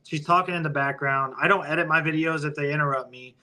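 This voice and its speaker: A man's voice: a little high, fairly even intonation, quick pace, sharp tone. A man in his thirties, a guest on a podcast, talking in a laid-back, profane way and calling people bro. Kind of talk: casual podcast conversation.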